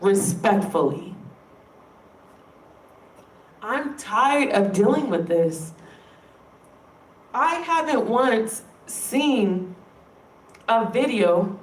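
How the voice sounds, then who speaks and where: Woman venting at her followers, kinda high voice, swears a lot, sounds far from the mic in an echoey room. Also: expressive, drawn-out words, long pauses. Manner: frustrated, emphatic, swears freely. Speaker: vlogger. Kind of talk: direct-to-camera rant. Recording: roomy sound, distant from the mic.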